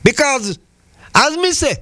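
A man's voice: very high voice, lively intonation, takes it slowly, sharp tone, no echo, clean studio sound. Fiery older Vincentian man preaching politics. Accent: Vincentian Creole English. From Saint Vincent. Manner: preachy, fiery, repeats phrases for emphasis. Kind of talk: heated political talk radio.

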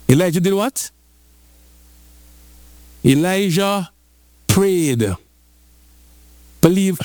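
A male preacher delivers his sermon at an unhurried pace, in a voice pitched on the higher side. He spins the scripture into playful storytelling, repeating phrases and calling out to his listeners. The sound is close and dry, with no room echo. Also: a little mellow. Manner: playful storytelling with repetition and call-and-response.

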